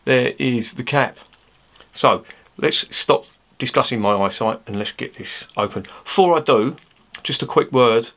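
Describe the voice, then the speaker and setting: An unhurried, medium-pitched, slightly bright male voice delivers a casual, rambling beer review full of swearing and self-mockery. He's blunt and chatty, using his original microphone rather than a clip-on.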